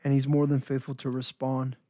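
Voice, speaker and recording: A man's voice: mid-range voice, completely flat delivery, fairly quick, mellow, dry recording, studio quality. A man who works in ministry giving an earnest, encouraging devotional talk, repeating phrases for emphasis. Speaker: Christian minister.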